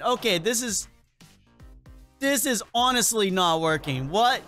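A man hosting a casual let's-play video, talking in an excitable, rambling and self-mocking way as he comments on the game. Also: sits high, normal speed, soft background music. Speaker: gaming video host.

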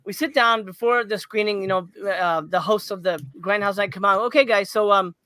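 Excitable, bright-voiced laughing man. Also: sits high, a little fast, no room sound. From Los Angeles area. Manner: excited, laughing, swearing storyteller. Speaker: podcast co-host. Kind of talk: casual chat.

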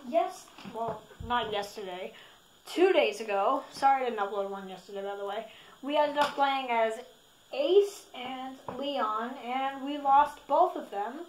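A woman's voice: on the high side, measured pace. A woman giving casual, rambling commentary over a game she is playing, correcting herself as she goes, recorded in her bedroom. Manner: chatty, rambling, self-correcting. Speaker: gaming video creator. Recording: echoey room with faint noise.

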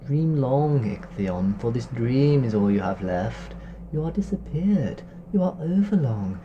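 A man's voice: medium pitch, very animated, a little slow, lo-fi sound. A man voicing a cackling witch who taunts a wizard in a singsong, rhyming way, with faint noise behind. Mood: taunting. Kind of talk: storybook reading.

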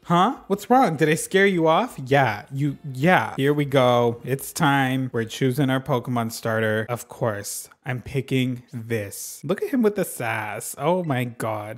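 A man hosting a let's play, reacting to the game in a sassy, excitable way and swearing freely into a desk microphone. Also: mid-range voice. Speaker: gaming channel host.

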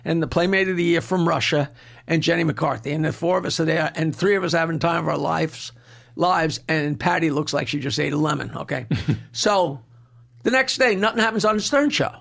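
A man's voice: fairly high pitch, brisk, gravelly, a bit bright. Boisterous Long Island man spinning a yarn. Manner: boisterous, laughs through his punchlines. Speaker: comedian guest telling a story. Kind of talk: casual storytelling.

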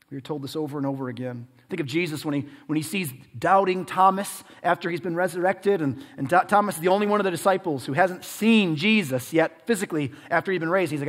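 Reverberant pastor preaching with dramatic swings. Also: male voice, on the high side, fast, hardly any pauses. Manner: dramatic swings between loud and hushed delivery. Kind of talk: sermon.

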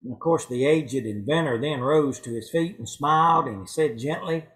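A man's voice: mid-range voice, normal speed, few pauses, a bit bright, low-quality recording. A male pastor giving an evening sermon in a church, folksy and fond of telling jokes. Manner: folksy joke-telling preacher. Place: church sanctuary.

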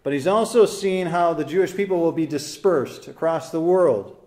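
A man preaching an expository sermon in a voice pitched a little above the usual for men. He is earnest and emphatic, repeating key phrases for stress and putting questions straight to his listeners. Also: moderate pace, a little mellow. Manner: asks the listeners questions directly. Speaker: pastor.

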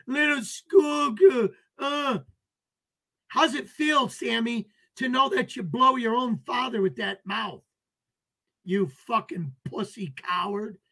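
A man's voice: extremely high pitch, bright, forceful tone. A man hosting a livestream, ranting at chat in an aggressive, taunting, profane way and greeting viewers by name. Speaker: livestream host.

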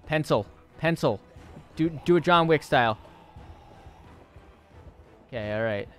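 In his first-ever gameplay stream, a young man with a slightly high, expressive voice talks a little slowly to himself and his viewers while faint music plays. Startled easily, he yelps, shouts, swears, and panics.

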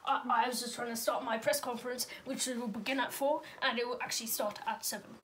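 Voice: mid-range voice, steady tone, fast, sharp tone, a little hiss or hum, lightly acted. A performer doing a comedic impression of a flustered older male politician who stammers and denies things.

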